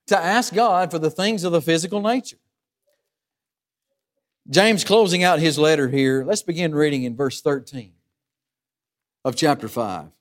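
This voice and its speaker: A man preaching a sermon to a congregation. He is emphatic and keeps asking them rhetorical questions. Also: on the high side.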